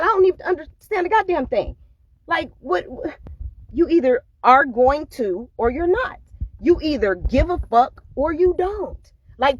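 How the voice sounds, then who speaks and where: A woman's voice: high voice, no room sound. A woman in her forties ranting to her phone camera, blunt and emphatic, swearing heavily and repeating her points. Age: 40s. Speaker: school cafeteria worker. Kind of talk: profane personal rant to camera.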